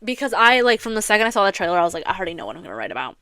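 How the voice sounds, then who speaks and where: A woman's voice: mid-range voice, big pitch swings, very fast, sharp tone. A young woman hosting a podcast, retelling a story in a rambling, casual way, full of filler words and swearing. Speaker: podcast host. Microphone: close studio mic, audio only.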